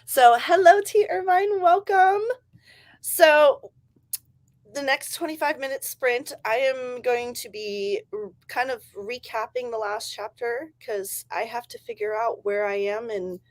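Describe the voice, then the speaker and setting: A woman's voice: a little high, unhurried. A woman hosting a casual writing livestream, chatty and rambling, laughing often between thoughts. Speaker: livestream host.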